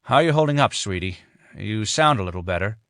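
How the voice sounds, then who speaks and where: A man voicing a proud, caring older father with a warm, firm way of speaking. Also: fairly low pitch, expressive, fast, no room sound, studio quality.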